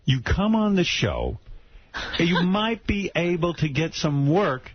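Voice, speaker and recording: A man's voice: high-pitched, lively intonation, takes it slowly. A man hosting a radio talk show, needling and teasing his guest. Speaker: radio host. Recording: dull lo-fi radio with faint noise.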